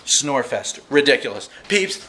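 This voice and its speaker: A man giving an animated, slangy, jokey recap of fight events in a casual vlog. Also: medium pitch, unhurried, echoey room, heavy background noise. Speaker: vlogger reviewing fight events.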